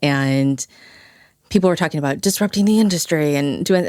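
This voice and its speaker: Woman podcast host and coach, very deep voice, thoughtful, dry close sound. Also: moderate pace, darkish tone, no room sound. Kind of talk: casual conversation.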